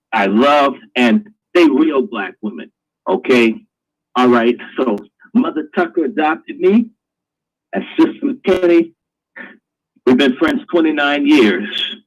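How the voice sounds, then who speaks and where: A man of middle pitch hosts a live talk show, ranting and preaching in crude terms. His voice has a husky edge, and the sound is dull and lo-fi. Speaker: host.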